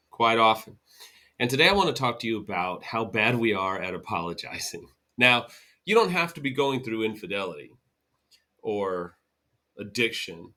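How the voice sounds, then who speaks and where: A middle-aged man hosting his own podcast, talking straight to listeners in an animated way. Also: fairly low pitch. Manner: animated, mocks bad apologies in sarcastic voices. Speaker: podcast host. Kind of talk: solo podcast talk.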